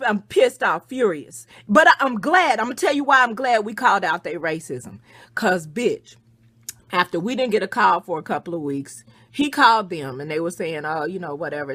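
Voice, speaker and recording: A woman's voice: mid-range voice, a bit bright, breathy edge, no room sound. A woman telling a story in a casual, profane rant over the phone and acting out what other people said. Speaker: podcast host. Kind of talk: casual venting on a phone call.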